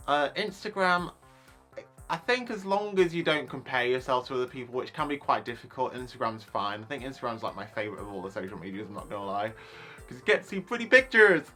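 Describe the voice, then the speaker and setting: Casting: young man, YouTuber, casual rant, bright forceful voice, faint music bed. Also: mid-range voice, animated, fast talker. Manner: chatty, lots of likes and you knows.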